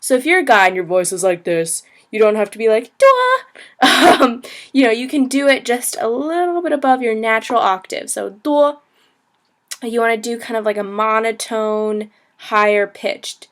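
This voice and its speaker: A woman's voice: fairly high pitch, normal speed. A woman in her twenties gives a casual video lesson, chatty and laughing easily, full of "like" and "you know". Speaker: language teacher, travel vlogger.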